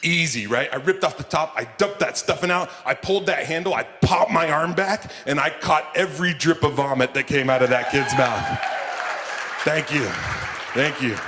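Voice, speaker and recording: Male stand-up comic, bright forward voice, animated storyteller, big hall reverb. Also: moderate pace, a faint crowd. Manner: animated, jumps into high-pitched shouted bits when acting out scenes. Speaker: stand-up comedian and keynote speaker. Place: conference hall before a live audience. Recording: long hall reverb, faint room noise.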